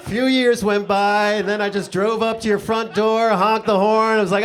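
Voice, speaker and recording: A man doing a stand-up comedy set on a club stage with a handheld mic, sarcastic, his pitch jumping up for punchlines and acted-out voices. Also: little pitch movement, moderate pace, crowd noise. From United States. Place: comedy club stage before a laughing audience.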